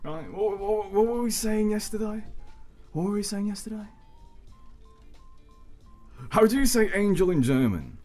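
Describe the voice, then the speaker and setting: A man's voice: high-pitched, expressive, unhurried, long pauses, a little mellow, soft background music. A man chatting casually on a live stream, rambling and playful, joking with his chat and dropping in foreign phrases.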